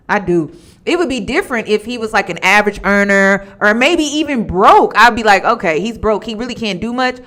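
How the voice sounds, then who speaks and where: A woman's voice: mid-range voice, bright, forceful tone. A woman vlogger giving casual commentary, candid and emphatic, repeating her points.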